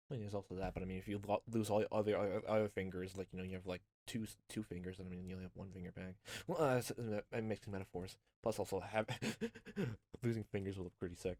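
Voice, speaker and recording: A man's voice: low-pitched, steady tone, fast talker, a little mellow, no echo. A man giving joking, rambling asides during a game playthrough, over game music. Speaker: game streamer. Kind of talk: casual playthrough commentary.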